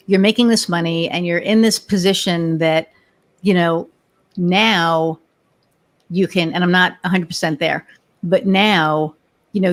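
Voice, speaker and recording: Lively storytelling woman, slightly low voice. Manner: animated storyteller, acts out quoted voices. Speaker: podcast guest, business owner. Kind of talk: casual chat.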